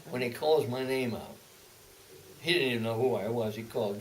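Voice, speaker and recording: A man in his eighties telling stories from his past at home, halting and repeating words as he goes. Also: medium pitch. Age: 80s. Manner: halting, repeats words and restarts, then speeds up. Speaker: interviewee, veteran. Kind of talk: oral-history storytelling. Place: home, indoors. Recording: distant mic with faint hiss.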